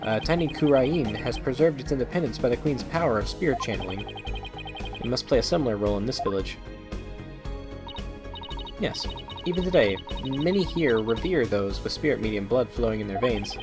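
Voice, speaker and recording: A man hosting a let's play, reading game dialogue in a loose, joking way. He stumbles and restarts words now and then. Video game music plays clearly beneath his voice. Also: medium pitch, lively intonation, normal speed. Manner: casual, stumbles over words, swears, jokes.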